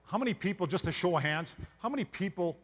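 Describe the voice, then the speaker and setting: A man's voice: high-pitched, expressive, fast talker, big-room sound. A man from Canada giving a motivational keynote talk. He tells folksy stories and asks the audience questions. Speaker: motivational speaker.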